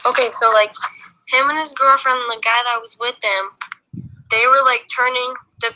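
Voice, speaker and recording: Brief: young woman, very bright tense tone, higher pitch, relaxed short answers. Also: moderate pace, rough recording. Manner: laid-back, short replies, tells stories plainly. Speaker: guest. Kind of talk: casual chat.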